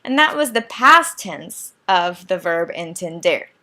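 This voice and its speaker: A woman's voice: fairly low pitch, big pitch swings, sharp tone, a little hiss or hum. A woman teaching a Spanish lesson, walking through verb endings step by step and checking in with her listeners. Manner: deliberate, repeats forms and checks in with "right?". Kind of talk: slow, patient classroom explanation.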